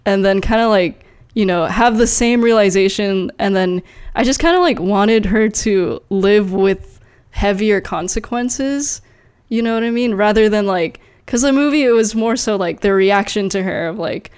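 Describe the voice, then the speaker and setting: A woman's voice: medium pitch, darkish tone, smooth. A woman co-hosting a film podcast in casual chat, musing through her ideas with many fillers. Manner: unhurried, filler-heavy, lots of "like". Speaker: podcast co-host.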